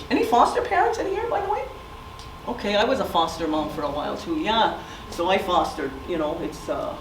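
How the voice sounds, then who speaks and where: Her voice on the low side, a middle-aged woman tells stories and asks the audience questions at a community presentation. The mic is far off in an echoey room, with a bit of background noise.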